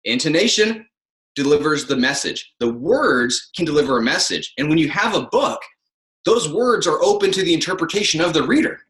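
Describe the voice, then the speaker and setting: A man's voice: fairly high pitch, animated, normal speed, a bit bright, reverberant, rough recording. A man who narrates audiobooks, talking in a podcast interview and acting out example phrasings as he explains.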